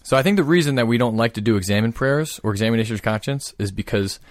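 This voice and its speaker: A man calmly explaining a prayer practice in casual conversation. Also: mid-range voice, quick pace, no room sound, studio quality. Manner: thoughtful, explanatory, steady.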